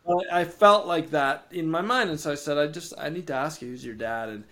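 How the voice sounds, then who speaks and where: A man, podcast co-host and ministry founder, telling a faith testimony with lively rises in energy and frequent word repeats. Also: a little fast, hardly any pauses. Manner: animated, rises in pitch and energy when excited; repeats words and restarts sentences. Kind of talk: storytelling testimony in an interview.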